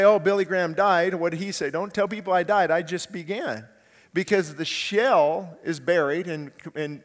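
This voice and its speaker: A man preaching in a church hall, his fairly high voice carrying a long reverb tail. He speaks as a pastor in an earnest, conversational way, often putting rhetorical questions to the congregation. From California, USA. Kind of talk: sermon. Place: church sanctuary.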